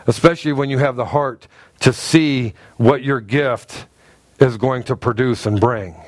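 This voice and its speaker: A middle-aged man, a pastor, preaching a sermon in a church with animated, humorous storytelling and self-mocking asides. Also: mid-range voice, no room sound. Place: church sanctuary.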